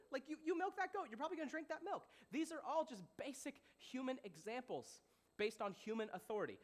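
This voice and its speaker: A young adult man preaching a casual, animated sermon as a young adults pastor, joking and asking his listeners questions. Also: high voice. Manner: animated, playful, asks the audience questions.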